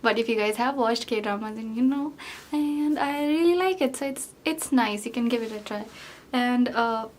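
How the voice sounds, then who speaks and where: A young woman with a somewhat high voice, chatting her way through a get-ready-with-me makeup routine. She rambles, piles on fillers and pokes fun at herself. Faint noise sits behind her. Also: moderate pace. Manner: rambling, filler-heavy, self-deprecating. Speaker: beauty vlogger.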